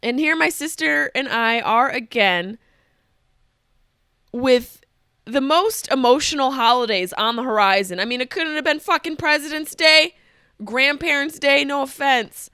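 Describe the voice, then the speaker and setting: A woman hosting a podcast, telling a comic story in a profane, animated way and often interrupting herself. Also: high-pitched, a little slow, smooth, no echo, studio quality. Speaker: podcast host. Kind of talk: comedic storytelling monologue.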